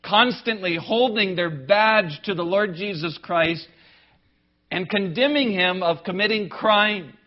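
A man with a high-pitched voice preaches a sermon at an unhurried, measured pace. He stresses his points firmly and stacks them in rhetorical lists. The recording sounds dull and lo-fi. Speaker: pastor.

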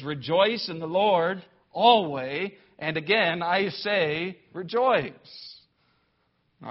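A man delivers a church sermon with a somewhat high voice, pressing his points with mounting emphasis and a dry, sarcastic edge. The recording is muffled and lo-fi. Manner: emphatic, rising to loud declamation when quoting scripture; wry, sarcastic asides. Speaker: preacher. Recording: dull lo-fi sound.

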